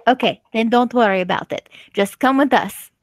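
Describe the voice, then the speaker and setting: A woman speaks as a player in a tabletop role-playing game, urgent and eager to act. Her voice is a little high and recorded dry and close. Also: normal speed, dry recording.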